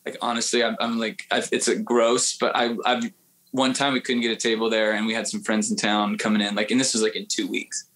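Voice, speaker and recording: A man's voice: lowish voice, flat delivery, a little fast, a bit bright, rough recording. A man who is a guest singer-songwriter, telling stories in casual podcast chat with lots of restarts and fillers. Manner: rambling, hesitant storyteller with many restarts. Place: home area near the coast.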